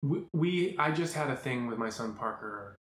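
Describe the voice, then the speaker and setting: A man's voice: mid-range voice, moderate pace, a little hiss or hum. Chatty man in an echoey room. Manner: animated storyteller, filler-heavy, acts out quotes. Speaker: podcast guest, commercial actor. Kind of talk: casual chat. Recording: echoey room, faint ambience.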